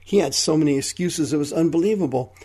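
A man's voice: fairly high pitch, quick pace, mellow, breathy edge. A man preaching a radio sermon, firing rhetorical questions and retelling Bible scenes in a folksy, conversational way.

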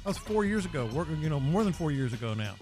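A man's voice: on the high side, sing-song, fast, music in the background. Conversational male sports radio host.

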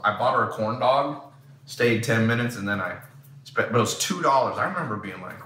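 A man's voice: medium pitch, lively intonation, brisk, bright, forceful tone, echoey room, far from the mic, a little hiss or hum. A man from San Diego telling blunt, rambling stories as a podcast host in casual chat. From San Diego, USA.

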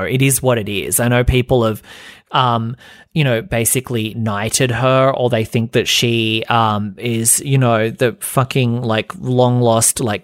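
A man's voice: medium pitch, no echo, clean studio sound. Chatty, profane man recapping gossip. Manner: chatty, profane, filler-heavy, mocking quotes. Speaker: podcast host.

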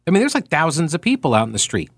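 A man's voice: fairly high pitch, huge pitch swings, very fast, no echo, studio quality, soft background music. A man hosting talk radio, talking casually and reading quoted passages with sarcastic asides.

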